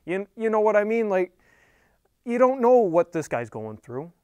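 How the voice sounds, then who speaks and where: Young guy ranting about his day, wry and rambly, kinda high voice. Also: sing-song, normal speed, a little mellow, clean tone, dry recording. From Thunder Bay, Canada. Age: young adult. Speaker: segment presenter. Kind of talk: comic monologue to camera.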